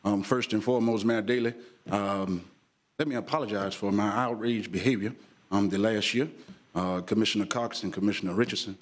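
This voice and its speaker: A man as a low-voiced reverend addressing a city council from the podium mic, earnest and conciliatory. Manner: earnest, conciliatory, preacher-like cadence. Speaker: reverend speaking at public comment. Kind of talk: public comment at a city meeting. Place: city commission chamber.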